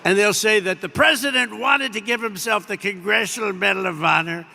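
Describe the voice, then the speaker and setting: A man's voice: sits high, a little fast, creaky, sharp tone, a little hiss or hum. An older man giving an off-the-cuff speech full of rambling, digressive anecdotes and repeated superlatives. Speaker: public speaker. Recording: echoey large hall.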